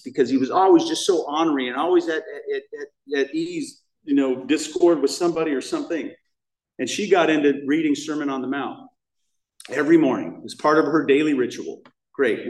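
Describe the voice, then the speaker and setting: A man's voice: a little high, normal speed. An American man giving a candid, rambling personal testimony as the main speaker at a recovery meeting in a church hall. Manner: candid, rambling, emotional storytelling with restarts. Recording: roomy hall sound, mic at a distance.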